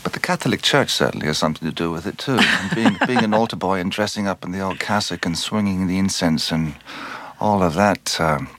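Deep-voiced man reflecting thoughtfully. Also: fairly bright tone. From Ireland. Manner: thoughtful, unhurried, with frequent restarts and trailing phrases. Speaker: actor, interview guest. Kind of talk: reflective interview conversation.

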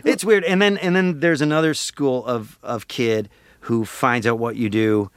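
A man's voice: medium pitch, measured pace, clean tone, dry recording, clean studio sound. A middle-aged man with a nasal voice and a Syracuse accent, chatting playfully as an interview guest and slipping into voices. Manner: playful, slips into voices and impressions. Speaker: voice actor guest.

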